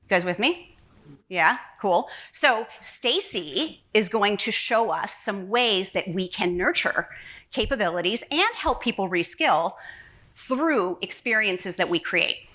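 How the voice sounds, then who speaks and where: Bright, earnest woman presenting a keynote. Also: medium pitch, animated, unhurried. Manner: earnest, rhetorical questions to the audience. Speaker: conference speaker. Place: conference stage.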